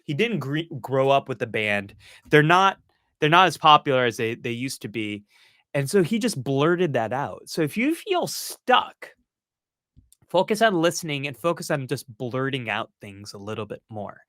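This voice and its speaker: A man's voice: mid-range voice, big pitch swings, normal speed, sharp tone, no echo, studio quality. A man hosting a live-stream Q&A, answering viewer questions in an earnest, encouraging way with self-mocking asides.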